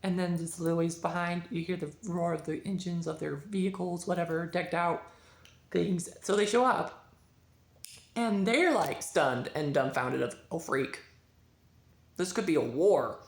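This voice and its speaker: A woman talking through a book review in a casual, chatty vlog, acting out the dialogue with sudden jumps in pitch. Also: moderate pace, gravelly.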